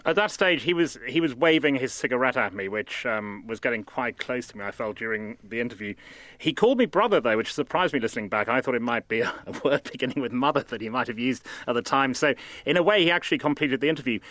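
A man co-presenting a radio show, telling a story about an interview in an animated, self-deprecating way. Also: mid-range voice, fast, dry recording. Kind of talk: casual radio chat.

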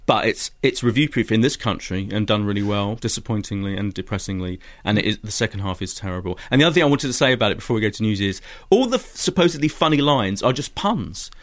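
A man reviewing films on a radio show, giving quick, animated opinions with frequent restarts. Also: on the low side. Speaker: film critic. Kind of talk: radio chart review chat.

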